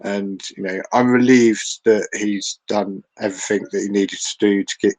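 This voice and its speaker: An English man with a blended southern and northern accent talks in a loose, rambling way. He keeps circling back with fillers and false starts. His voice sits slightly low. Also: fairly even intonation, moderate pace, darkish tone, rough recording. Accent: mixed English, southern with a northern twang. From England. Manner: rambling, many fillers and restarts. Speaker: guest. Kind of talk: casual chat on a live audio space.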